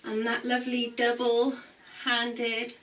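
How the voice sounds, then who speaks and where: A woman teaching a beginner belly dance class at home, calmly counting beats aloud as she dances. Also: fairly high pitch, slow pace, distant mic. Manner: calm, counts beats aloud while dancing. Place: home room. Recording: voice picked up from across the room.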